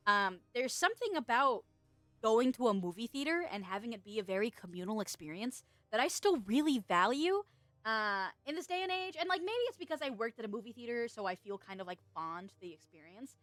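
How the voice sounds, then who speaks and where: A woman's voice: a little high, sing-song, brisk, a bit bright, dry recording. A woman VTuber streamer chatting casually with her viewers, rambling, laughing often and swearing freely. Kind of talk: casual livestream chat.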